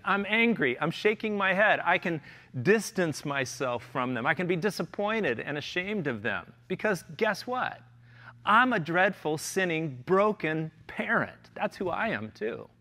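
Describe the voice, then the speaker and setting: A man's voice: on the high side, fairly bright tone. A middle-aged man, a pastor preaching a sermon in an earnest way, asking his listeners question after question.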